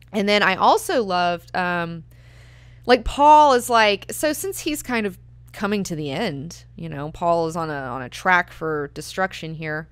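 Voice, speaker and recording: A woman's voice: on the low side, lively intonation, moderate pace, a bit bright, smooth, no room sound. A young woman hosting a book club, talking casually and filling her speech with "like" and "you know". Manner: chatty, lots of "like" and "you know".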